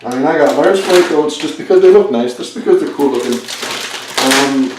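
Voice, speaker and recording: A man's voice: fairly high pitch, moderate pace, background noise. A man chatting casually and rambling while he bakes at home, poking fun at himself as he works. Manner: self-deprecating, rambling, talks while working. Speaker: home cook filming a baking video. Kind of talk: casual talk while cooking. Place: home kitchen. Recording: echoey kitchen, distant camera mic.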